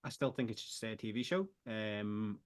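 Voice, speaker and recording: A man co-hosting a film podcast, rambling and jokey, getting loud when excited. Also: on the low side, normal speed. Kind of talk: casual chat.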